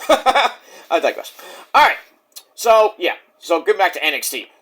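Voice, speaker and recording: Excitable male wrestling vlogger, bright, high voice, profane and theatrical. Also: a little slow. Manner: excitable and profane, acts out quotes in silly voices. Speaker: wrestling show reviewer. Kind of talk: casual solo review vlog.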